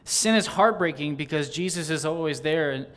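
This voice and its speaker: A man's voice: fairly high pitch, moderate pace, fairly bright tone. A man preaching a sermon, reading old diary passages aloud and building fervent, rhythmic lists. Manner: fervent, rising on exclamations and lists.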